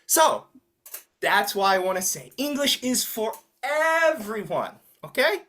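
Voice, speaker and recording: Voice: mid-range voice, takes it slowly. A teacher running an interactive online class, joking and asking the students questions. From United States. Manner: lively, teasing, asks the class questions. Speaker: English teacher.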